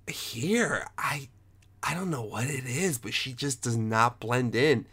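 A man hosts a casual film chat at a middle pitch. He talks in an animated, emphatic way and swears freely, with plenty of restarts. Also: slow pace, breathy edge.

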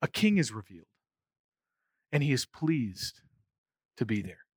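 A man preaching a sermon to his congregation. His delivery is animated, and he rises to near-shouts for emphasis. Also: medium pitch, measured pace, slightly rough, dry recording. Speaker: pastor.

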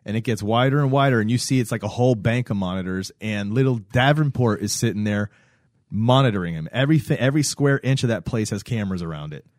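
A man's voice: on the low side, fast talker, dry recording. Man animatedly recapping a show, dry sound. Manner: animated storytelling, acts out quotes. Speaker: podcast co-host. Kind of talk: casual chat recapping a show.

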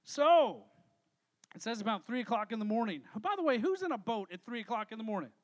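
Pastor, male, very high voice, upbeat and jokey, works the room with questions in a casual sermon. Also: brisk. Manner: energetic, joking, talks to the crowd with questions. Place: church hall with a live audience.

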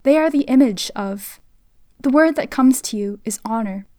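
A woman reading a literary short story aloud in a soft, hushed voice that sometimes drops to a whisper. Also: sits high, moderate pace, dry recording. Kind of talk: literary reading in second person.

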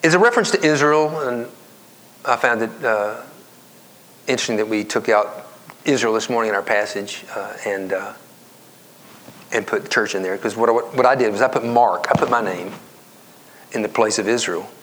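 A man's voice: moderate pace, long pauses, a bit bright, slight background noise. Conversational male pastor preaching. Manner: conversational preaching, rising to emphatic highs and dropping to whispers. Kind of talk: sermon.

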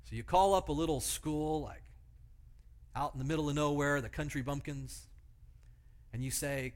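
A man's voice: on the high side, normal speed, long pauses, a little mellow. Man preaching with vivid storytelling. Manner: vivid storytelling with rhetorical questions. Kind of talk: sermon illustration.

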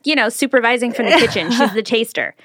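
Lively storytelling woman host. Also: on the high side, fast talker, no echo, studio quality. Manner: lively storyteller, does voices for quoted people. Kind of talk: casual storytelling chat.

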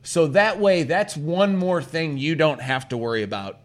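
A man co-hosting a podcast, talking loosely with a slightly raised pitch. He swears freely and breaks into laughs often. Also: normal speed. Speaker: podcast co-host. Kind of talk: casual chat.

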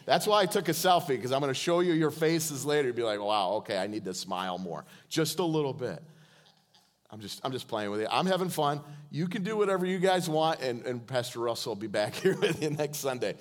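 A man's voice: on the high side, animated, brisk. A man preaching a sermon as guest preacher in a church, joking and calling on the congregation to answer him. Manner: joking, calls on the congregation to respond.

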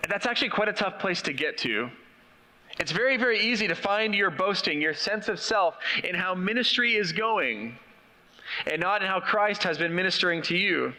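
A man's voice: high voice, expressive, moderate pace, sharp tone. A middle-aged man preaching a sermon as pastor, conversational and questioning his congregation. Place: church. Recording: long reverb of a church hall.

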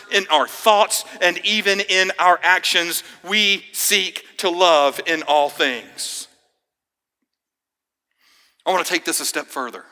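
A man's voice: on the high side, pushed and bright. A man preaching a sermon as pastor, earnest and emphatic, asking the congregation pointed questions. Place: church sanctuary. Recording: hall reverb.

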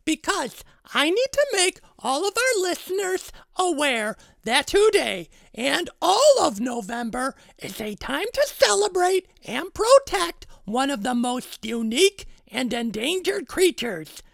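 Casting: a high-pitched, gravelly little cartoon boy, chatty and dramatic, swooping wildly up and down. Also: big pitch swings, unhurried, few pauses, a bit bright, dry recording, studio quality, full character voice. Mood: enthusiastic. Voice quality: high squeaky voice with a gravelly edge. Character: excitable young cartoonish boy. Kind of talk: children's podcast puppet role.

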